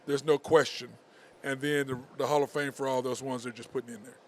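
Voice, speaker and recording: A man's voice: mid-range voice, little pitch movement, fairly quick. A man hosting a casual sports talk show, who asks questions and cuts in on his co-host.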